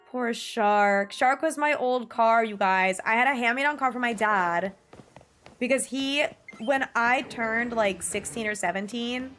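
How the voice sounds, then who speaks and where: Young female streamer, bright high-ish voice, chatty and giggly, reads out chat, soft music underneath. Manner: bubbly and chatty, quick jumps in pitch, giggly. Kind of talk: casual livestream chat reading viewer messages. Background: faint music.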